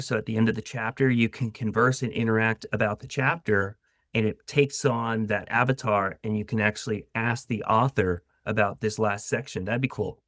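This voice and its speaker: A man's voice: medium pitch, a bit bright, no echo, studio quality. A man hosting an interview, enthusiastically putting forward ideas and asking his guest questions. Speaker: podcast host. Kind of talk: conversational interview.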